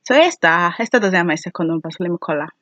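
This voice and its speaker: A woman's voice: lowish voice, very fast, no room sound, highs cut off. Giggly young woman vlogging. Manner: excitable, giggly, loud exclamations. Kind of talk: casual chat to camera.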